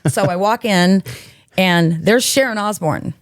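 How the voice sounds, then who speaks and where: Woman guest, mid pitch, animated storyteller, dry close sound. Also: a little slow, no room sound. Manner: animated storyteller, acts out quotes. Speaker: guest, author. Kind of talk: casual storytelling.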